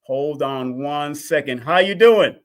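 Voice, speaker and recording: A man's voice: a little high, slow pace. A man hosting a live call-in stream, talking casually and repeating himself with lots of energy. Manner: repetitive, animated, talks to chat and callers.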